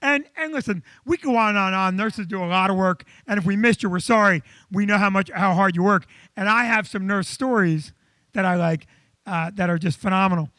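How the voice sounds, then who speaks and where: A male comedian hosting a live show from a comedy club, telling stories in an animated, chatty way. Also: sits high, a little fast, no room sound.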